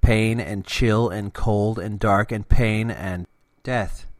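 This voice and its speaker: A man with a low voice narrates a serial story at a steady, deliberate pace. The recording is close and dry, with no room sound. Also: no room sound.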